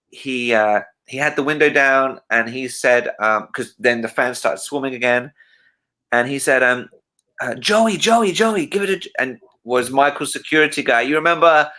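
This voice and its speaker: Guy hosting a livestream, bright forceful voice, rambling story with lots of ums. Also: mid-range voice, clean tone. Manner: rambling, many fillers and restarts, animated when quoting. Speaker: livestream host.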